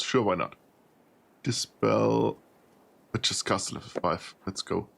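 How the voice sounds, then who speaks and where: A man's voice: lowish voice, very animated, a little slow, gravelly, pauses often, fairly bright tone. A tired man streaming a role-playing game, thinking aloud as he sorts loot, often laughing. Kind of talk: casual gameplay commentary.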